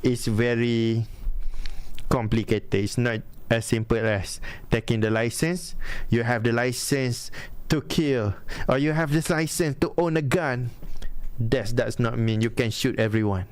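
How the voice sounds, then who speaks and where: Slow, deliberate man. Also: medium pitch, clear, resonant tone. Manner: deliberate, pauses to find words. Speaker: host. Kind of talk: casual Q&A chat.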